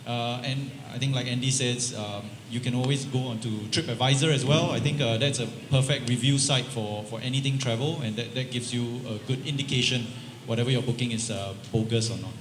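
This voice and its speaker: A man's voice: medium pitch, steady tone, a little fast. A man on a panel giving advice hesitantly, with many fillers. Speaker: panel speaker. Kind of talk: panel discussion answer. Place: large event hall. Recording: echoey hall, faint noise.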